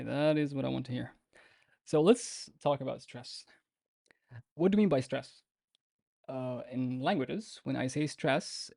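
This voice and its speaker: A man teaching a live online beginner lesson, patient and informal, repeating example words slowly many times. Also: medium pitch, creaky, no room sound, studio quality. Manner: relaxed and informal, with fillers and restarts. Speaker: Arabic teacher.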